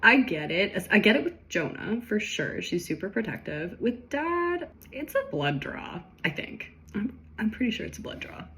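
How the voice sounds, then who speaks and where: A woman's voice: medium pitch, very animated, moderate pace, hardly any pauses, fairly bright tone. A woman casually recapping a story she wrote, chatty and self-deprecating, often trailing off mid-sentence. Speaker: podcast host recapping her own story.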